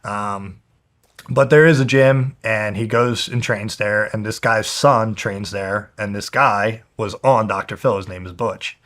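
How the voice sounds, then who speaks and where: A man in his twenties from New Jersey, a fighter telling a personal story in a candid, animated way, swearing heavily and acting out the people he quotes. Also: fairly low pitch, unhurried. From New Jersey, USA. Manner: heavy swearing, animated retelling with quoted voices. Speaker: guest, pro fighter.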